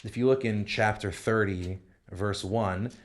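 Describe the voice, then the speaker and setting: A man's voice: fairly low pitch, steady tone, unhurried. A man, a rabbi, explaining Bible passages in a podcast discussion, quoting Hebrew verses and often restarting his sentences. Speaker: rabbi co-host explaining scripture.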